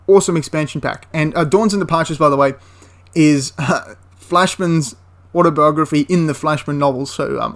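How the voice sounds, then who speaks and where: A man's voice: mid-range voice, gravelly, a bit bright. A man giving a casual, enthusiastic spoken review of a tabletop wargame, rambling into asides and restarting his sentences.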